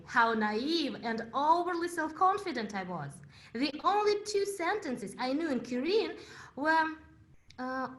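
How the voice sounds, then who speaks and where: A young woman from Uzbekistan, a native Russian speaker, giving a prepared contest speech in English and telling her story with dramatic pauses. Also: high voice, fairly bright tone.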